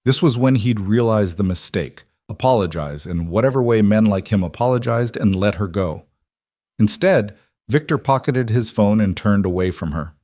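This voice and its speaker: A man narrating a scripted story in an even, measured way. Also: on the low side, dry recording, studio quality.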